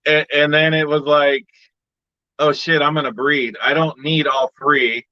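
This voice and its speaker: A man's voice: mid-range voice, steady tone, normal speed, pushed and bright, no echo. A man hosting a casual livestream, easygoing and laughing along as he shares his own mistakes with snakes. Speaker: livestream host, reptile breeder. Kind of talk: casual chat. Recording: dull lo-fi stream audio.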